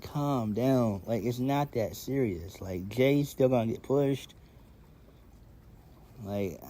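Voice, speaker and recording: A man's voice: on the low side, warm tone. A man giving a casual solo review of a wrestling show, blunt and exasperated, swearing freely and talking to his viewers.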